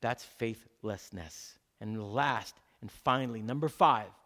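A man preaching a sermon as pastor, exhorting his listeners and repeating key points slowly so they can write them down. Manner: swings between loud exhortation and hushed low lines.

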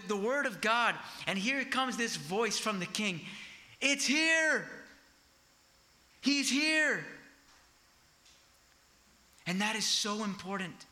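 A male preacher with a high, very bright voice delivers a sermon in a loose, chatty way. He keeps asking his listeners rhetorical questions and tags his points with "right?".

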